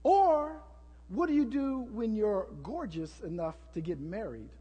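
Man, pastor, sermon, very high voice, husky, shouting bursts, long hall echo. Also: animated, measured pace. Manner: preaching with rising shouts and acted prayers.

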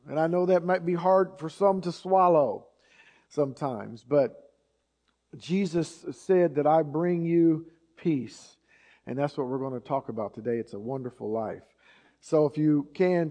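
Middle-aged pastor guy preaching, mellow dark tone, repeats himself for emphasis. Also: fairly high pitch. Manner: repetitive, emphatic preaching with many fillers. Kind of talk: sermon.

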